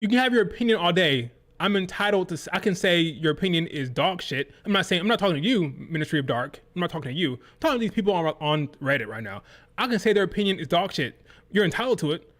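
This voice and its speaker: A man hosting a live reaction stream, his voice sitting a touch high. He rants hotly and swears freely, sounding fed up as he answers his chat. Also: animated, fast, a bit bright. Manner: heated, profane, exasperated ranting. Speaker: livestream host.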